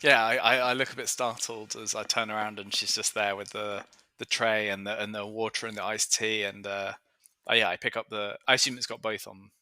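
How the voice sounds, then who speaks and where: A man playing a tabletop game, chatty and unsure, thinking out loud. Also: on the low side, little pitch movement, a little fast, smooth, no echo. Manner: chatty, unsure, laughs easily. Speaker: player. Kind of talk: casual tabletop play.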